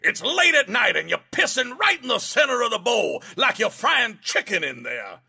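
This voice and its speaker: A man voicing a loud, blustering southern rooster with a gravelly, shouting delivery and a Southern American accent. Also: extremely high pitch, very animated, moderate pace, voice pushed up, heavily acted. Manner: shouting, repeating "I say".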